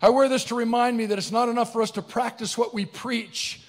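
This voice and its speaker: A middle-aged man giving a comic, animated motivational speech, telling a story to a live audience. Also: extremely high pitch, brisk. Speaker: keynote speaker. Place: large barn event venue, live audience. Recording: long hall reverb.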